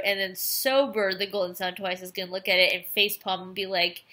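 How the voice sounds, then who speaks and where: A woman's voice: medium pitch, moderate pace, hardly any pauses, bright, forceful tone. A tipsy woman vlogger rambling and gushing through a casual episode review, with restarts and trailing asides. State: tipsy from wine.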